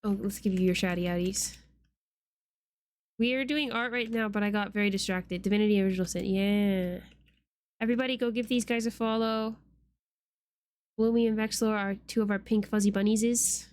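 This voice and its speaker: A woman's voice: mid-range voice, steady tone, moderate pace, long pauses, a little mellow. A woman streamer chatting playfully with her viewers while she draws, swearing casually.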